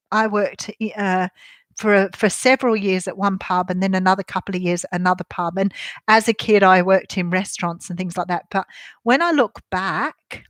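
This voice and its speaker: A woman's voice: medium pitch, fairly bright tone, no echo. A middle-aged Australian woman, chatting candidly with viewers on a livestream, laughing easily with many ums. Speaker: tarot channel host. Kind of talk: casual livestream chat answering viewers.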